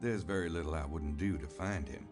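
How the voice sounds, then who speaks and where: A man's voice: a bass voice, fairly quick, music in the background. A man voicing a sardonic, dogged private investigator in a video game, with an easygoing drawl. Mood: wry.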